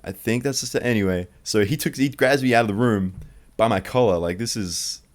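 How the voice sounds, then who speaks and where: Deep-voiced profane storyteller. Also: male voice, a little fast. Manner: profane, rambling and animated. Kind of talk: unedited one-take storytelling.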